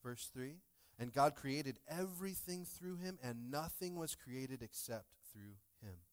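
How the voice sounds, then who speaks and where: A man in his thirties preaching a sermon in a church, full of jokes and playful asides to the congregation, swinging between loud bursts and soft asides. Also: mid-range voice, expressive, measured pace. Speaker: pastor. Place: church sanctuary.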